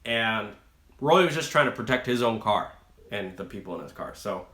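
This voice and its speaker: A man's voice: on the low side, expressive, moderate pace, bright, forceful tone. A young man hosting a rideshare channel, chatting casually on a live stream and rambling through a story with many fillers and restarts. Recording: echoey room.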